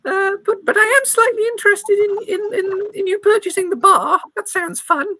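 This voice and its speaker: Mrs Claus as a fussy old granny, put on by a woman, chattering in a high, quavering voice well above her own. She sounds gossipy and a touch flustered, as in a tabletop game, recorded dry and close. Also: moderate pace, sharp tone, no room sound.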